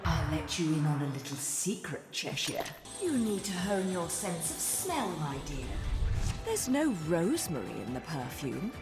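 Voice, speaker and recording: A woman's voice: deep voice, sing-song, a little slow, heavily acted. An actress playing a confident, teasing witch heroine in a video game, with a mocking, playful manner. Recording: long hall reverb. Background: game music.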